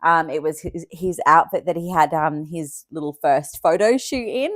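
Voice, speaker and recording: A woman's voice: low voice, moderate pace, no echo, clean studio sound. A young woman chatting casually to camera as a vlogger, with lots of fillers and easy laughter. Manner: chatty, many fillers and likes, laughs often.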